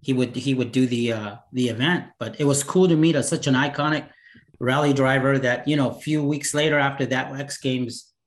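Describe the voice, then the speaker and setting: A man telling stories in casual chat as a guest, animated and acting out the voices of the people in his stories. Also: mid-range voice, brisk. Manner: animated, acts out quoted dialogue. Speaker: podcast guest. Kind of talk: casual storytelling. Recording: roomy echo.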